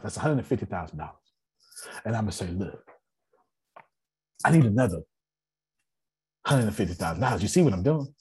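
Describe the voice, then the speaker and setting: A man's voice: lowish voice, a little mellow, slightly rough. A man hosting an online business meeting, giving a casual motivational talk, repeating himself and often checking that listeners understand.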